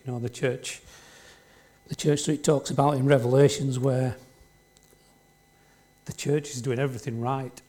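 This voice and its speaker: A man's voice: mid-range voice, little pitch movement, moderate pace, long pauses, dark tone. A man preaching a sermon in a church, talking conversationally and often checking in with the congregation through tag questions.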